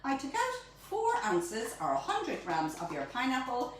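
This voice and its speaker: A woman's voice: a little high, wildly swooping pitch, unhurried. A woman hosting her own baking show, chatting playfully through a recipe and often tripping over her words. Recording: very echoey room, mic at a distance, faint noise.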